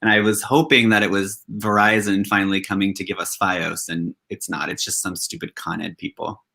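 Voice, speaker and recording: Bright-voiced campy male co-host. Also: deep voice, fairly even intonation, a little fast, gravelly. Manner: campy, affectionate banter. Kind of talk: casual chat.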